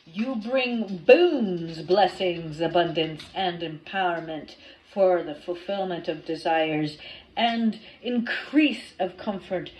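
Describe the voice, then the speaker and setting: A woman reading a tarot card aloud and guiding a ritual, slow and soft, with casual swearing between readings. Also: lowish voice, a little hiss or hum, poor audio. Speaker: tarot reader.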